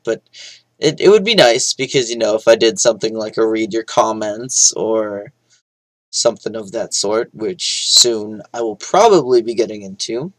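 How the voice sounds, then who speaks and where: A young man giving casual gameplay commentary, mostly mumbling to himself with sudden loud outbursts. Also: on the low side, dry recording, poor audio. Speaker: gaming YouTuber.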